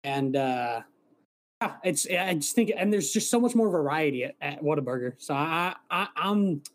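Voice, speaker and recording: A man's voice: fairly high pitch, lively intonation, normal speed. A man co-hosting a podcast, chatting casually and rambling, swearing now and then. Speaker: podcast co-host. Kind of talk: casual chat.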